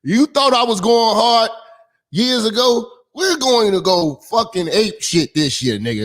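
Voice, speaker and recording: A man hosting a call-in show in a hyped, profane, animated way. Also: high voice, normal speed, faint music behind. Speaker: host.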